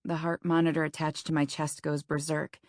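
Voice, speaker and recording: A woman's voice: low-pitched, little pitch movement, normal speed, no echo, clean studio sound. A young woman narrating a first-person romance audiobook in an intimate, anxious telling. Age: young adult.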